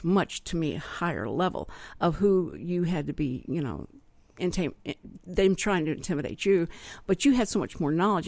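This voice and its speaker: A woman's voice: on the low side, a little mellow, no room sound. A woman hosting a radio talk show, chatting casually and encouraging her guest with frequent backchannels.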